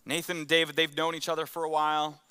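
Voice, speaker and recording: A man's voice: on the high side, little pitch movement, quick pace, sharp tone, clear, resonant tone. A man preaching a conversational sermon, telling stories and acting out the quotes in them. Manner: acts out quotes in the story. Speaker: pastor.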